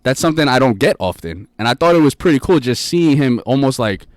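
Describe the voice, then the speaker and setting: A podcast co-host with a mid-range voice talks fast and animatedly in a dry, studio-quality recording. During casual chat he tells stories earnestly, rambling and repeating his phrases and points.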